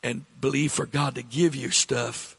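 Middle-aged male pastor, deliberate sermon delivery, raspy and forceful tone. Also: mid-range voice, steady tone. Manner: slow, repetitive preaching, rising with emphasis, coughs between lines.

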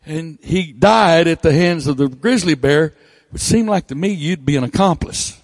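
A man's voice: expressive, normal speed, dry recording, clean studio sound. A male preacher, delivering a blunt, folksy sermon with teasing asides into a handheld microphone. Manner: folksy, blunt, teasing, drops to low mocking tones.

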